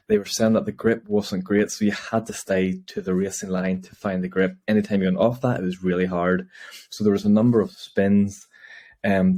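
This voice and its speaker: A man's voice: fairly low pitch, dark tone. A man co-hosting a podcast, chatting casually, rambling, laughing often and acting out quotes. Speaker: podcast co-host. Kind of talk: casual chat about motor racing.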